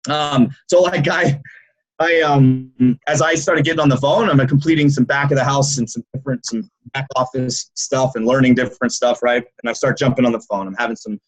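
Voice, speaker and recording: On a low-quality video call recording, a male business coach with a medium-pitched voice talks fairly quickly. He tells a story with plenty of energy, tacking "right?" and "okay?" onto his sentences, and describes himself as loud and animated.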